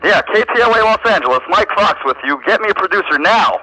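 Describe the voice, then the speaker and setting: A man's voice: a little high, expressive, rapid-fire, sharp tone, slightly rough, exaggerated voice, low-quality recording. A man putting on a bossy fake news producer. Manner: bossy, barking orders. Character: pushy fake male news producer on phone.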